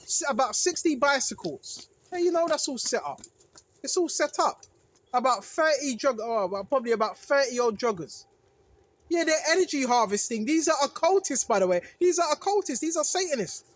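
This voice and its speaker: Speaking briskly and expressively in a high voice with no echo, a religious content creator preaches informally to her audience. She keeps repeating phrases to drive points home, restarts and corrects her sentences, and frequently checks in with "right?"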